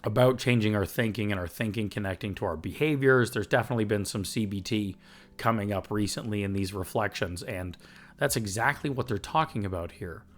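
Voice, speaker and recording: A man's voice: lowish voice, a little fast. A man hosting a recovery podcast, talking earnestly and getting fired up, with the odd swear and laugh. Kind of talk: reflective recovery podcast talk.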